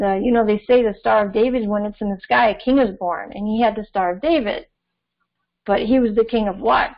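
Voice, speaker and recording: A young adult woman hosting an astrology channel, talking in a rambling, preachy way with many fillers. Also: a little high. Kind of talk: casual opinion monologue. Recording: dull lo-fi audio.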